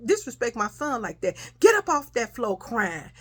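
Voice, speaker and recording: A woman's voice: medium pitch, normal speed, a bit bright, slightly rough. A woman voicing an older grandmother who scolds and threatens a crying child. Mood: scolding. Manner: bossy, threatening. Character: stern, scolding old grandmother.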